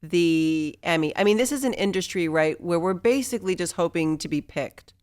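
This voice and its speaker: Smooth-voiced woman host. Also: on the low side, lively intonation, normal speed, a little mellow. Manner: affectionate and encouraging toward her guest; reflective, talks in long flowing thoughts. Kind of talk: casual interview conversation.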